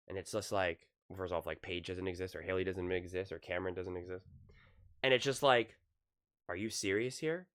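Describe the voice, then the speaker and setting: A man's voice: deep voice, steady tone, normal speed, fairly bright tone, smooth. A young man hosting solo sports commentary, rambling and exasperated, repeating "like" a lot as he talks.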